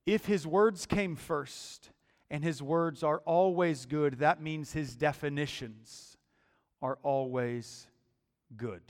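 Male pastor, emphatic sermon delivery, slightly high voice, long echoing hall. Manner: deliberate, emphatic preaching with repeated words.

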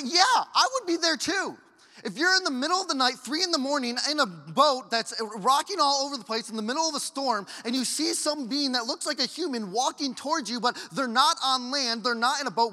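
Animated high-voiced man preaching in a hall. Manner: animated, acts out quoted voices with big swings in loudness. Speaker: pastor. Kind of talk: sermon. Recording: long hall reverb.

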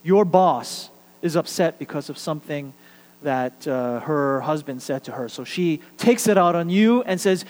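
A man with a high, bright voice preaches a sermon in a big church hall, and his words ring out with a long reverb. He tells stories with animated build-ups, then drops to a hushed, quiet voice to make his point. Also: unhurried. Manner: animated storytelling, dropping to quiet for emphasis. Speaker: pastor.

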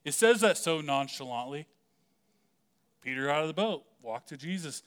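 Male preacher, slightly high and very clear voice, chatty and playful delivery. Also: lively intonation, moderate pace, fairly bright tone. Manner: casual and joking, many "like" fillers. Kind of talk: conversational sermon.

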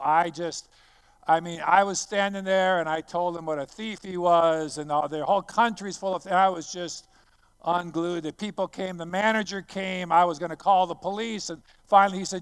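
A man who is a missionary preacher, telling a personal story as a sermon. He talks dramatically, swinging from hushed to loud. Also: on the high side, smooth.

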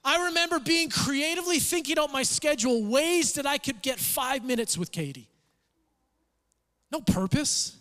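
Animated high-voiced male preacher, reverberant hall. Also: moderate pace. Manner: animated storytelling with acted-out quotes. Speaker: pastor. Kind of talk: sermon.

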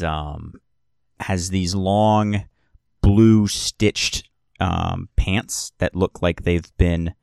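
A man's voice: low-pitched, gravelly, darkish tone, no room sound, studio quality. A man narrating as game master of a tabletop game, describing scenes in a rambling way full of fillers and restarts.

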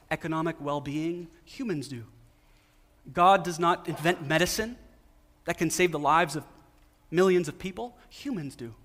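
A man preaches a sermon in a voice pitched a bit high. He repeats short phrases for emphasis and puts questions to his listeners. His voice rings with the long reverb of a large hall. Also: fairly bright tone. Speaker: pastor.

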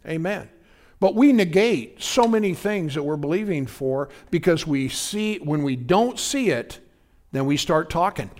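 A male pastor delivering a midweek sermon in an easy, conversational way. His voice sits a little higher than most men's. He keeps asking the congregation whether they are with him. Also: animated, measured pace, a little mellow.

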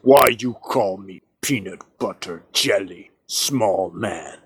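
Guy doing a dumb gruff giant warrior, broken talk, low slow husky voice. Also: heavily acted. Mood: blunt. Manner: broken simple speech.

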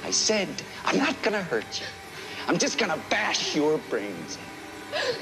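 An actor playing an unhinged husband who mockingly menaces his wife, in a film clip over a loud score. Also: a little high, wildly swooping pitch, a little slow, loud music behind the voice. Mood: menacing. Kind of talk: film acting.

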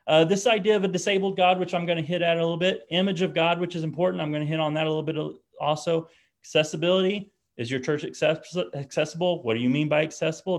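A man giving an informal talk on disability and faith, speaking casually with frequent restarts and tag questions. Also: on the high side. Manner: casual, restarts often, tags lines with "right?".

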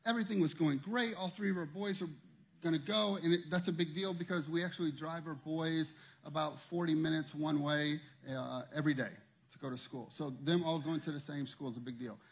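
Husky man preaching a lively sermon. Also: on the high side, brisk. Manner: conversational storytelling that builds to loud emphatic preaching. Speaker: pastor.

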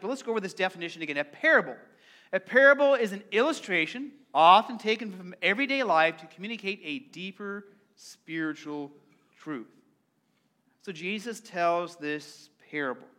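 A male pastor with a high, bright voice delivers a sermon in a conversational way, repeating words as he goes. He keeps inviting the congregation to join in.

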